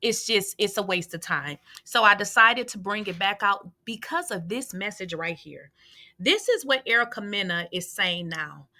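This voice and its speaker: A woman's voice: medium pitch, pushed and bright. A woman gossip blogger giving blunt, sassy commentary straight to her viewers from a room in her home. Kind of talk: opinionated commentary vlog.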